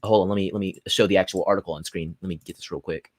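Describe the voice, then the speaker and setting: A young man hosting a solo political livestream, swinging from loud angry rants to low muttered asides as he reads articles aloud. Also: steady tone, rapid-fire, no echo, studio quality. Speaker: livestream host. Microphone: phone or computer mic at a desk.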